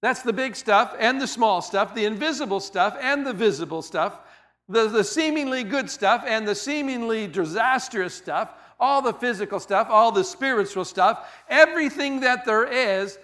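A man with a high, bright voice preaches a sermon conversationally. He stacks phrase on phrase and circles back to hammer each point home. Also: animated, normal speed. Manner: conversational preaching, stacked repetitions and emphatic restatements. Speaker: pastor.

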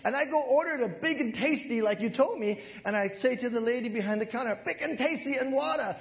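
A man's voice: very high voice, fast talker, voice pushed up. A man voicing his elderly father as a fussy, bewildered old man, on a dull lo-fi church recording. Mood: indignant. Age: older.

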